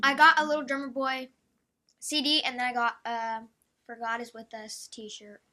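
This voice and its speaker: A young woman with a very bright, high voice who talks in a chatty, excitable way. She giggles often while trading family stories. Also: normal speed. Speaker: host's daughter. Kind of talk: casual family chat.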